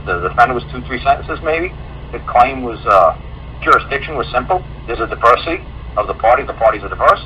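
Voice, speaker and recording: A man on a call-in show telling a long story in a rambling, animated way, with many fillers and restarts. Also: mid-range voice. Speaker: guest. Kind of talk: casual call-in chat. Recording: muffled online call audio with faint hiss.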